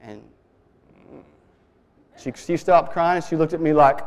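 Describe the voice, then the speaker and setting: A man preaching a sermon, telling a story in a relaxed, conversational way with many restarts. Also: fairly high pitch, a little slow, long pauses, clear, resonant tone. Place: church sanctuary. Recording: long reverb of a church hall.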